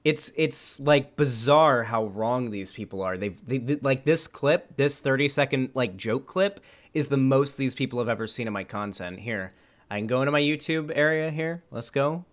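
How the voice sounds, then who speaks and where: At a moderate pace and in a mid-range voice, a young streamer goes through online comments aloud. His reactions are sarcastic and lively, with frequent cursing.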